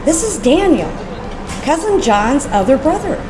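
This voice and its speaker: Woman as a busy diner waitress, high lively voice, echoey room with music. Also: a little slow. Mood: brisk.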